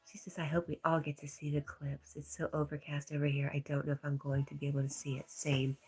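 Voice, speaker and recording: Livestream host, woman, deep breathy voice, relaxed chat with viewers. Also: fast talker. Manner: reads viewer comments aloud, often softly whispered.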